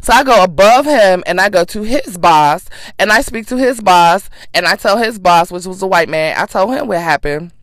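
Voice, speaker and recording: A woman's voice: medium pitch, animated, moderate pace, no room sound. A woman podcast host telling a personal story in a casual, sassy, emphatic way, with plenty of swearing.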